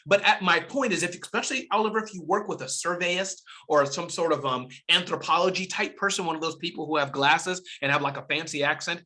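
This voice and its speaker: A middle-aged man giving an energetic webinar talk, exclamatory and animated, swinging between loud bursts and soft asides. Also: high-pitched, brisk. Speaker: guest speaker.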